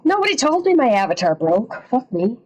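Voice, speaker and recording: A woman's voice: on the high side, big pitch swings, fairly quick, a little mellow, low-quality recording. A woman streaming from home, chatting casually, swearing freely and tossing out sarcastic asides. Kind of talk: casual live-stream reaction. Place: home streaming setup with green screen.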